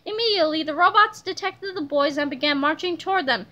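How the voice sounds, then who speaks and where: A woman reading a children's book aloud in an animated, playful way. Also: high voice, fast. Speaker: reader.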